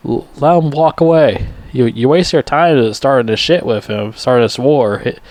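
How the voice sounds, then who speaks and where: A man's voice: normal speed, darkish tone, no room sound. Man, casual profane movie recap, rambling and loose, dry close sound. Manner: profane, rambling, laughs at own jokes; mimics characters in high squeaky voices. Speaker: movie reviewer.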